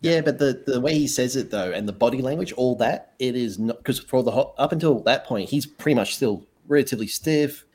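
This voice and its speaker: A man's voice: medium pitch, brisk, hardly any pauses, breathy edge. A man who is a guest on a podcast, talking animatedly about movies and laughing often. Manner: animated, laughs often, argues his reading. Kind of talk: casual movie discussion.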